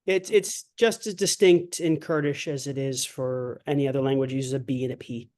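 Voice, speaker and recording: A man's voice: medium pitch, steady tone, moderate pace, darkish tone. A man teaching an online language lecture, chatty and digressive, with many fillers, who acts out sounds to show them. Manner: demonstrates sounds by exaggerated voicing. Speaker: language instructor.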